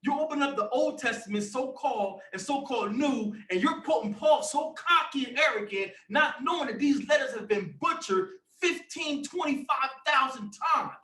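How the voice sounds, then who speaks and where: A man leading a religious discussion, preaching forcefully and breaking into shouts. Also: very high-pitched, lively intonation, moderate pace, hardly any pauses, roomy sound, far from the mic. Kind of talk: fiery preaching.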